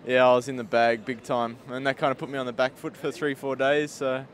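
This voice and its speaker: A man's voice: medium pitch, flat delivery, a little fast. Laid-back man, cyclist. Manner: laid-back, slangy, laughs easily. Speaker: pro cyclist. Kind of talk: casual interview answers. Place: outdoors at a bike race.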